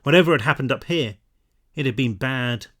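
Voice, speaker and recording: A man reading his own novel aloud, relaxed, now and then correcting himself. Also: mid-range voice, fairly quick. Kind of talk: audiobook narration.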